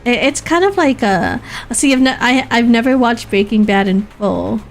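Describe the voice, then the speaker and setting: A woman's voice: fairly high pitch, expressive, moderate pace, faint music behind. A woman from Canada streaming a game, chatting casually and laughing often as she talks. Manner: giggly, laughs often, restarts mid-sentence. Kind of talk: casual gaming stream chat.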